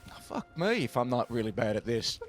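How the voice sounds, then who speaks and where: A man's voice: mid-range voice, big pitch swings, fairly quick, soft background music, close to an everyday voice. A man playing a nervous, self-deprecating frontier man who rambles and swears in a western roleplay. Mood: curious.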